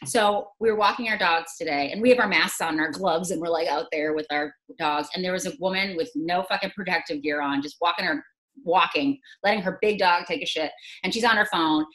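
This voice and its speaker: A woman comedian co-hosting a casual chat, telling a profane, animated story over a video call. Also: lowish voice, fairly quick, poor audio. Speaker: comedian co-host.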